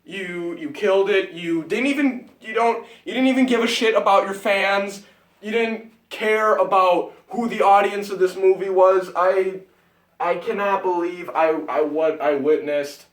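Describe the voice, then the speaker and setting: A young man ranting about a movie he just saw, breathless and exasperated, swinging between mutters and shouts, recorded on a phone. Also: high voice, unhurried, distant mic. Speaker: vlogger. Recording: roomy phone recording from off-mic.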